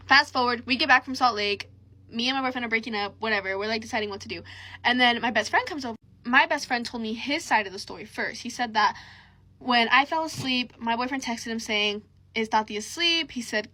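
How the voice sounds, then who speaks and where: A woman's voice: fairly high pitch, fairly quick. A young woman telling a messy personal story in a casual, slangy vlog style, full of fillers and quoted dialogue. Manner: animated, slangy, lots of fillers.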